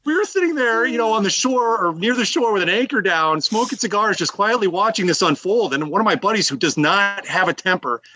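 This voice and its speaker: A male podcast guest telling stories in casual chat, animated and rambling, laughing as he goes. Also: high voice, brisk, hardly any pauses, no room sound, poor audio. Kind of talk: casual storytelling.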